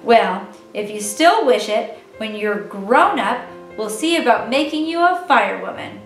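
A woman's voice: a little high, animated, measured pace. A woman reading aloud, voicing a cheerful, kindly father in a children's story with a hearty manner. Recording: roomy, distant mic with faint music.

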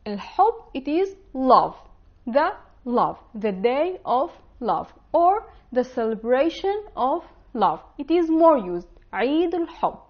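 A woman teaching an online language lesson, spelling out words slowly and carefully. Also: high-pitched, sing-song, dull audio. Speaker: Arabic teacher.

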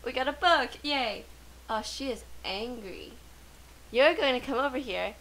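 A woman giving chatty, excitable commentary while playing a life-simulation game. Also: high-pitched, unhurried, poor audio. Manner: chatty, excitable, gasps and laughs often. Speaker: let's play gamer. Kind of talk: casual gameplay commentary.

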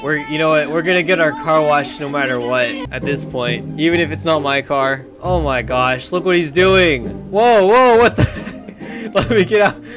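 Excitable young man over loud music. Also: on the high side, unhurried. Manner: excitable, jokey, yelling at other players. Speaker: gaming video creator. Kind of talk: casual gameplay commentary.

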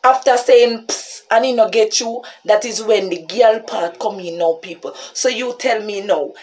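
A woman's voice: medium pitch, moderate pace. A woman with a Jamaican accent telling a story on her vlog, talking to her viewers and calling them "people". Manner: animated, keeps addressing viewers as "people". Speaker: vlogger.

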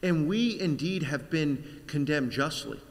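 A man's voice: on the high side, expressive, a little slow, voice pushed up. A man voicing a condemned man on a cross, pleading in a raised, urgent voice. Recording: long church reverb.

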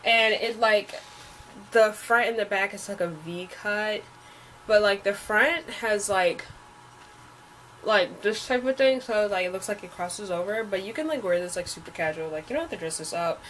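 Young woman, american, haul vlogger, chatty rambling delivery, mid pitch, light background noise. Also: normal speed, fairly bright tone. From United States. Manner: rambling, says "like" a lot. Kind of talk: casual haul vlog.

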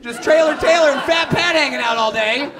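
A young man doing a stand-up comedy set, telling self-mocking stories and shouting out punchlines. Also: extremely high pitch, a little fast, noisy background. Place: comedy club with a live audience. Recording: live club recording with crowd. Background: audience laughter.

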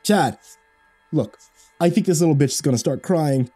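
Man voicing a cocky young jock, sneering and taunting, dark timbre. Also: on the high side, moderate pace, husky, faint music behind, pitched above the performer's own voice. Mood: mocking. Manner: mocking, taunting. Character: obnoxious young male college jock.

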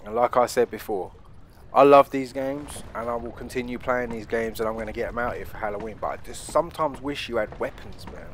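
Brief: male gaming host, loud and profane let's play commentary, mid-range voice, keeps addressing viewers. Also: medium pitch, a little fast, slight background noise.

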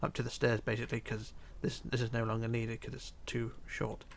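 A tired man narrating a building tutorial, counting quietly under his breath as he works. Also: medium pitch, fairly quick, vocal fry, slight background noise. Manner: relaxed, counting blocks under his breath, drops to near whisper. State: tired, yawning. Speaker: tutorial host. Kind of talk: casual game tutorial narration.

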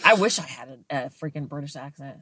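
A woman's voice: sits low, expressive, quick pace, sharp tone, slightly rough, no echo, studio quality. Blunt, profane woman podcast co-host. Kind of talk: casual chat.

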